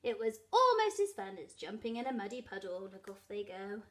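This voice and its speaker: Expressive woman reading a children's story. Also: medium pitch, brisk, few pauses. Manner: expressive, asks young listeners questions. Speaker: nursery storyteller. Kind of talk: reading a picture book aloud to children.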